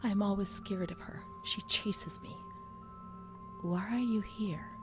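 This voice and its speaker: A woman voicing a haunted young woman recalling her asylum records, speaking in a whispered role-play, hushed and unsettled. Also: mid-range voice, unhurried, over music, lightly acted. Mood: uneasy whisper.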